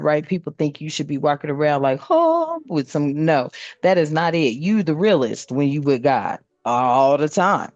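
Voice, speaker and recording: A woman's voice: low voice, a little mellow, no room sound, muffled recording. A woman giving a casual spiritual card reading, blunt and profane, laughing often as she talks.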